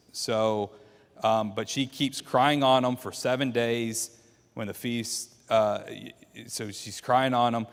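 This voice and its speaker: A man's voice: mid-range voice, fairly even intonation, slow pace, long reverb tail. A man teaching a Bible class, walking listeners through the story by quizzing them with questions. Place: church classroom.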